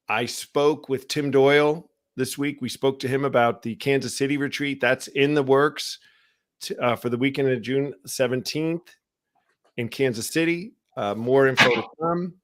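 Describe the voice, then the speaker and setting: A man's voice: mid-range voice, clean tone. A man hosting a live online recovery show, talking casually and greeting viewers by name. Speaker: show host. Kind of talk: casual live-stream talk.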